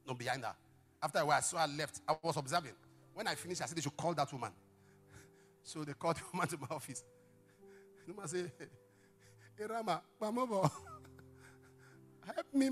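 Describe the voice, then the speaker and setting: A middle-aged male pastor preaching a sermon, telling stories dramatically with sudden shouts and hushed asides. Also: a little high. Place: church service.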